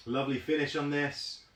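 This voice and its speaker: A man's voice: fairly high pitch, a bit bright, reverberant. A man hosting a live online whisky tasting, chatting casually with many ums and reading viewer comments aloud.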